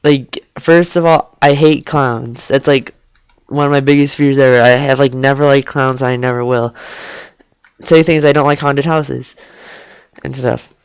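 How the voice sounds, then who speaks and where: A teenage boy tells a story in a rambling, halting way, leaning on "like" and false starts. His voice is smooth and clear at a middle pitch. The sound is dry and close, recorded in his bedroom. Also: fairly even intonation, dry recording. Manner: rambling, full of "like" and restarts. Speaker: vlogger. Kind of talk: casual storytelling. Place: cold bedroom.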